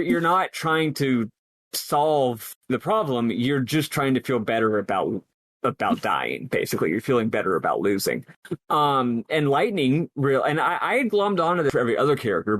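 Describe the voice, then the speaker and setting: A man in a casual podcast discussion, his voice at a middle pitch. He thinks out loud, circling back with frequent fillers and restarts. The sound is dry and close. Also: no room sound. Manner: thoughtful, rambling with many fillers. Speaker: podcast co-host.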